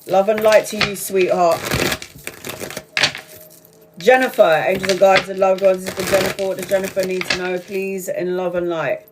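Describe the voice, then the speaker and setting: A woman doing a casual live-stream tarot reading, chatty and excitable, swearing freely and calling her viewers sweetheart. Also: mid-range voice, normal speed, long pauses, background noise. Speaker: tarot reader.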